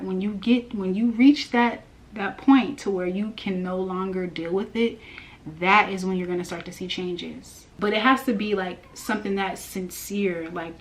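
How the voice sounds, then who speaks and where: A woman giving a casual spiritual message, telling a personal story in a chatty way with lots of fillers. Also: mid-range voice. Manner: chatty, animated, many fillers and laughs. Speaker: spiritual reader.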